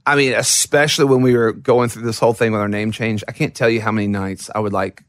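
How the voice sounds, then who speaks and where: A man's voice: on the low side, steady tone, fast, dry recording. A man who plays in a band, telling stories as an interview guest in a rambling, self-deprecating way with many restarts. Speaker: musician guest. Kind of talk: casual interview storytelling.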